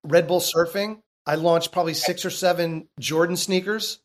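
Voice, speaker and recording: Animated, blunt middle-aged man. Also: on the high side, normal speed. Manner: animated, blunt, swears casually. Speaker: entrepreneur guest. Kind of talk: casual storytelling interview.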